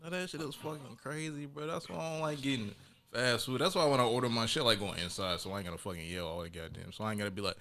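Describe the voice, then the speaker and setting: A man's voice: medium pitch, fast, sharp tone. A young man co-hosting a podcast, blunt and profane, retelling stories in casual chat. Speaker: podcast co-host.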